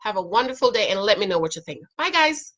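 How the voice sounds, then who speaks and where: Chatting casually, a middle-aged woman recaps a reality show, animated and acting out what other people said. Her voice is medium-pitched and fast.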